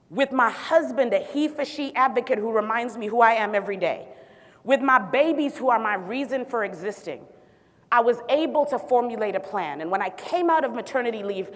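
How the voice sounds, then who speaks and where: A woman physician from Zimbabwe tells her story on stage and keeps dropping playful asides to the crowd. Her voice sits a little high. A long reverb trails each phrase through the large hall. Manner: sassy, animated asides to the audience. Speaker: physician and city health director speaking on stage. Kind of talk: storytelling public talk.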